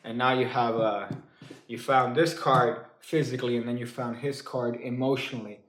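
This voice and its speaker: A man's voice: medium pitch, steady tone, a bit bright, roomy sound. A man teaching a card trick in a casual, comic way. He stumbles over his words with many fillers and restarts, and he drops dry jokes as asides. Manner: halting, full of fillers and restarts. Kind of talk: casual comedic tutorial.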